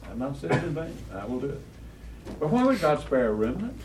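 A man's voice: a little high, sing-song, a little fast. A man teaching a Bible study class, quizzing the students and repeating key phrases with emphasis. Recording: roomy, distant, faint room noise.

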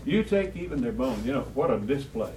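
A man's voice: medium pitch, very animated, fairly quick, a little mellow. A man teaching a Bible study class, quizzing the students and repeating key phrases with emphasis. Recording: roomy, distant, faint room noise.

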